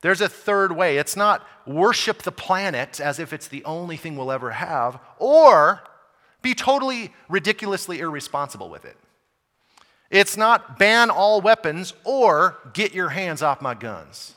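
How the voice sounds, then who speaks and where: A man's voice: high voice, sing-song, unhurried, in a large hall. A man preaching a sermon as a pastor from the United States, talking conversationally and then suddenly hitting words hard. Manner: emphatic, conversational preaching with wide swings in loudness.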